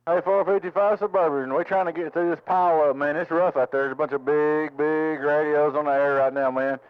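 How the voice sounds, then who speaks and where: Man on CB radio, slightly high. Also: steady tone, brisk, clear, resonant tone, narrow, tinny audio. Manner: repeats call signs and handles, radio lingo. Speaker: CB radio operator. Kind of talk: CB radio chatter.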